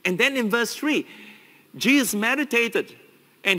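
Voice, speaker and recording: A man's voice: extremely high pitch, expressive, a little slow, pauses often, bright, forceful tone, long reverb tail. A pastor from Singapore preaching a sermon, with impassioned swells and drops in his delivery.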